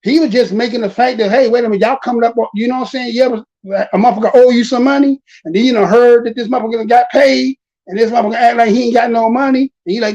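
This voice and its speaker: A woman's voice: a little high, fast, hardly any pauses, dark tone, lo-fi sound. An American woman hosting her own commentary channel, ranting casually and profanely, repeating and drawling key words for emphasis. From United States.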